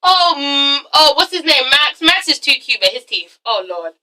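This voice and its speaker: A woman's voice: high-pitched, sing-song, moderate pace, pushed and bright, distant mic, poor audio. A woman hosting a casual TV-recap vlog, sassy and profane, with constant "okay?" asides. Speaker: reviewer, channel host.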